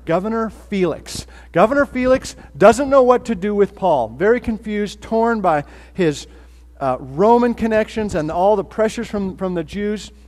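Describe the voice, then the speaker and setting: A man preaching a sermon as pastor, in a casual, joking way with fillers and restarts. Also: high-pitched. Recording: long hall reverb.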